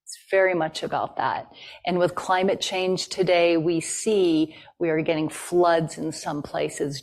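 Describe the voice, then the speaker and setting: A woman's voice: sits low, gravelly, a little mellow. A woman giving a talk and telling a traditional story in a conversational way, with fillers. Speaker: guest speaker.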